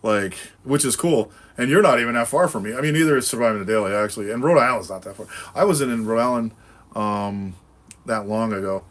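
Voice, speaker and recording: A man's voice: mid-range voice, brisk. A man from New England hosting a casual livestream, chatting with viewers in a laid-back, profane, rambling way with lots of fillers and laughter. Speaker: livestream host. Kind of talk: casual livestream chat answering viewer comments.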